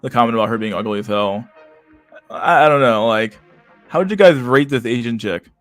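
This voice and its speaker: A man's voice: medium pitch, animated, fairly quick, fairly bright tone, no echo, soft background music. A man streaming casual commentary, reading comments aloud in a rambling, stammering way with frequent laughter.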